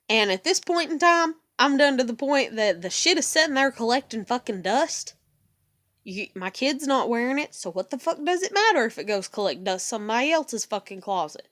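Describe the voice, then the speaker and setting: A worn-out vlogger vents in a casual monologue, swearing a lot in exasperated rants and sounding close to tears. Her voice is a little high, expressive, and fairly bright, at a normal speed.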